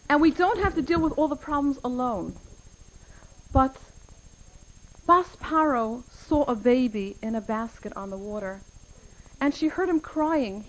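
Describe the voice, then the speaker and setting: A woman's voice: sits high, normal speed, a little hiss or hum, low-quality recording. A middle-aged woman giving an earnest talk at a community event, telling personal stories and using Hebrew and Yiddish terms.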